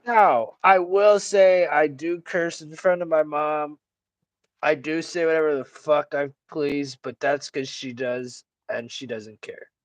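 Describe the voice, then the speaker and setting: A man's voice: on the high side, fairly even intonation, slow, dry recording. A man hosting a livestream chat, joking crudely, laughing often and mimicking voices. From Italian family background. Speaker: livestream host. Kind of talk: casual chat.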